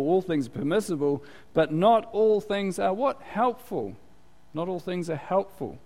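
A man's voice: fairly high pitch, animated, measured pace, a little mellow. A man preaching a sermon in a chatty, conversational way, full of asides and rhetorical questions. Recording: long hall reverb.

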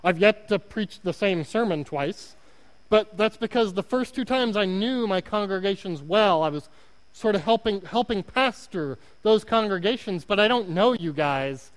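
Here an Oklahoman man, serving as guest pastor, gives a sermon with a high, expressive voice at normal speed. Earnest yet self-deprecating, he leans on repeated words for emphasis, and the church's long hall reverb colors the recording.

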